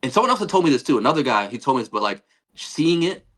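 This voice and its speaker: A man guesting on a live-streamed podcast, telling a casual story in an animated way, acting out what people said and swearing freely. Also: mid-range voice, fast, breathy edge. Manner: animated, retells scenes with quoted dialogue, swears casually. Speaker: podcast guest, game creator.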